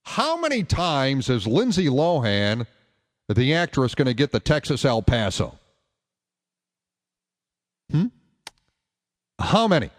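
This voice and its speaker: Slow and sing-song, a mid-range male voice fills a large hall, broken up by long pauses. He's a talk radio host giving a pointed, emphatic monologue and handling callers, with plenty of rhetorical questions.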